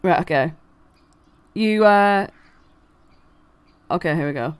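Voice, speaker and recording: Slow-talking giggly woman running a game. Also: on the low side, clear, resonant tone, dry recording. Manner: loose, giggly narration with many fillers. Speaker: dungeon master. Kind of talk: narrating a tabletop game.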